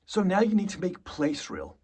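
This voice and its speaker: A man's voice: high-pitched, wildly swooping pitch, normal speed, darkish tone, a little hiss or hum. A man coaching actors, talking animatedly and acting out short example lines, swearing freely. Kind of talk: acting lesson to camera.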